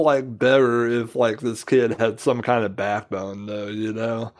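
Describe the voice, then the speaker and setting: A man's voice: mid-range voice, flat delivery, unhurried, few pauses. A man talking as a podcast guest in casual chat, rambling and filling his sentences with "like". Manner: rambling, leans heavily on "like".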